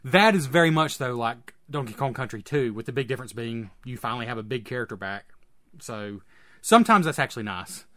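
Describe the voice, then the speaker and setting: Male co-host, mid pitch, relaxed rambling delivery. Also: a little fast. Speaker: podcast co-host. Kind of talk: casual chat.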